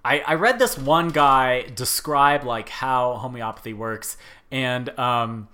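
A man's voice: mid-range voice, takes it slowly, sharp tone. A man talking in a casual, skeptical way, chuckling as he explains things to friends. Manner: skeptical, amused, laughs while telling stories.

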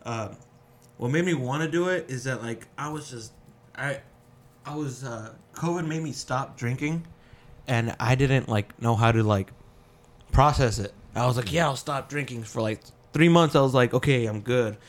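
A young man who works as a comedian, telling casual stories full of swearing and jumping into higher voices when he quotes other people. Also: moderate pace. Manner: animated, jumps into high-pitched voices for quoted people; swears freely, laughs mid-story. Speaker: comedian guest. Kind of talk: casual storytelling chat.

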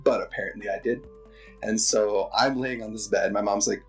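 Husky young man telling a story. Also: lowish voice, a little fast, soft background music. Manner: animated storyteller, laughs often, acts out quotes. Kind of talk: casual storytelling chat.

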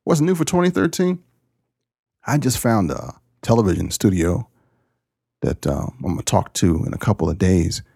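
A deep, gravelly man hosts his podcast in a folksy, joking chat, and his pitch often leaps up. His voice is husky. The recording is dry. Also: big pitch swings, normal speed, warm tone, dry recording. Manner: folksy, jokey, big pitch jumps. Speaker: podcast host and pastor. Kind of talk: casual chat.

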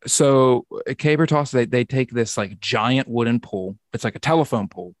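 Male podcast host, mid-pitched, dry close sound, loose rambling delivery. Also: normal speed, no room sound. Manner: rambling with frequent restarts. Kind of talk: casual podcast chat.

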